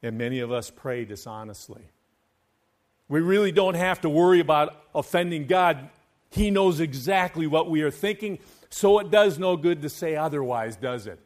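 A man preaching a sermon as pastor to his church, swinging between hushed, quiet stretches and loud, fervent passages, and chanting scripture in a sing-song cadence. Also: fairly high pitch, animated, moderate pace.

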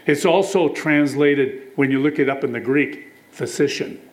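The preacher's voice sits at medium pitch and moves at an ordinary speed on a rough recording. He tells stories, reads verses of scripture, and asks his listeners questions.

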